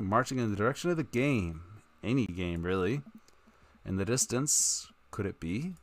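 A man's voice: lowish voice, no echo. A man streaming live, reading a text adventure aloud in a casual tone with wry asides.

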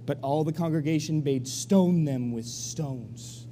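A man preaching to his church with a high voice that is also very dark and mellow. He tells the story with energy and acts out the crowd's voices. A faint hum sits under the live-stream sound. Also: measured pace. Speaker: pastor. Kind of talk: sermon. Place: church sanctuary.

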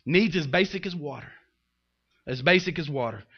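A man preaching a sermon as pastor, in a lively, conversational way with humor and acted-out asides, recorded in a church. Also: fairly high pitch, normal speed, breathy edge, highs cut off.

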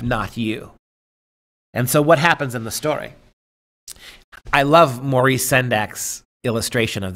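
A man giving an emphatic, preacherly lecture, moving between forceful stresses and hushed read-aloud passages from a story. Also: on the low side.

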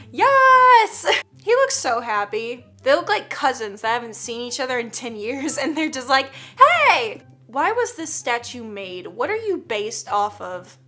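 A woman's voice: fairly high pitch, a bit bright. A woman hosting a casual reaction video, joking and teasing with frequent giggles. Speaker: YouTube reaction host.

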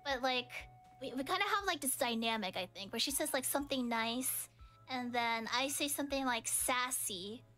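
A woman's voice: high voice, expressive, moderate pace, bright, forceful tone, faint music behind. A young woman streamer chatting casually, rambling and teasing with frequent giggles.

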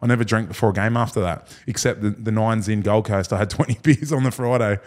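A man's voice: fairly low pitch, fast talker. A man in his thirties with an Australian accent, a guest telling rambling, slangy stories and laughing through them. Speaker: guest, former rugby league player. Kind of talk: casual storytelling chat.

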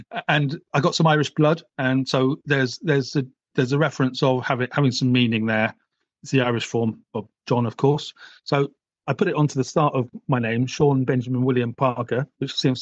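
A man's voice: medium pitch, dry recording. Man who stutters, wry and candid. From Britain. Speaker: podcast guest. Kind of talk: casual conversation. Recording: dry, slightly dull audio.

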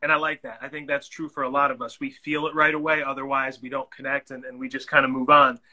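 A man's voice: medium pitch, flat delivery, quick pace, bright, forceful tone, low-quality recording. A man hosting a podcast interview, asking earnest, reflective questions. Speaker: podcast host.

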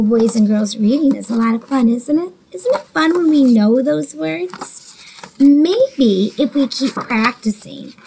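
A woman teacher giving a slow, patient, encouraging early reading lesson, talking to young children by name. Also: fairly high pitch, darkish tone, poor audio.

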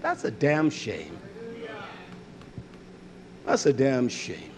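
A male preacher giving a fiery sermon, swinging between loud outbursts and low muttering, repeating phrases and crying hallelujah. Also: wildly swooping pitch, very slow, a little hiss or hum.

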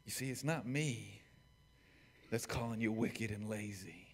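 A man's voice: lowish voice, unhurried, slightly rough. A male pastor preaching a sermon emphatically, with building repetitions.

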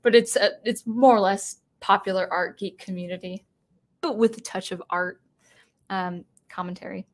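A woman hosting a late-night live stream in a loose, conversational voice that sits at an everyday middle pitch. She rambles, restarts her sentences and corrects herself as she goes, and reads viewer comments aloud. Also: steady tone, normal speed. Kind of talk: casual live-stream chat.

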